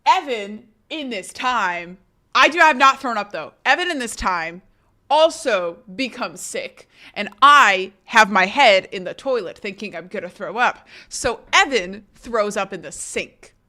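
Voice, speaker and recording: Young woman, streamer, bright tense voice, animated storytelling, swears a lot, desk mic. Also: mid-range voice, unhurried. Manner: animated, swears freely, laughs often. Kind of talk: casual chat storytelling.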